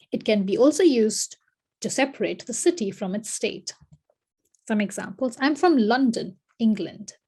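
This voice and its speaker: Husky-voiced woman teaching a lesson. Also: medium pitch, a little mellow. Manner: reads example sentences with lifted, emphatic delivery. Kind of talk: scripted lesson narration.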